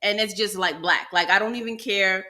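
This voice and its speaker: A young woman co-hosting a podcast tells a story in casual conversation, speaking at a moderate pace in a mid-range voice. She's an animated storyteller who acts out what people said.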